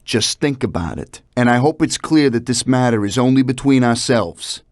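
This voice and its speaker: An actor playing a smooth mob associate in a video game, speaking in a calm, measured, persuasive way. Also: male voice, medium pitch, dry recording, clean studio sound, natural voice.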